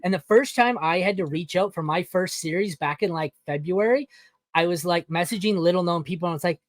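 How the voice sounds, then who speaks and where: A man's voice: high voice, a little fast. A blunt man chats casually as a podcast guest, swearing freely and acting out little stories. His voice sits in a dry, close space with no room echo. He talks plainly and directly. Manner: blunt, profane, animated storytelling.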